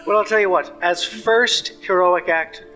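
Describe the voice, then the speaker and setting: A man's voice: sits high, measured pace, sharp tone, soft background music. A man playing a tabletop game, joking and rambling in character. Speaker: player. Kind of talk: casual tabletop role-play.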